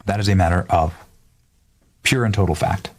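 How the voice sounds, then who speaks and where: A man in a played clip, speaking as an online commentator in a forceful, declarative way. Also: deep voice, normal speed, breathy edge. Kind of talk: clip of a video monologue. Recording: clip with music behind.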